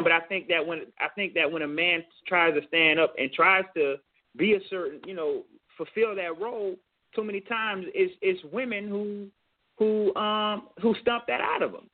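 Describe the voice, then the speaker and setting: He's a call-in talk show co-host whose voice sits high and whose pace is moderate. Sounding tinny, as if over the phone, he hammers his points with repetition and frequent "you know what I'm saying" asides.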